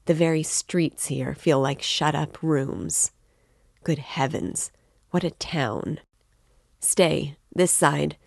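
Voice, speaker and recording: A woman's voice: low-pitched, slow, creaky, a little mellow, dry recording, studio quality, heavily acted. A woman reading as a fretful, worried mother. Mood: anxious. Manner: worried, talkative. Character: anxious fretful middle-aged mother, woman.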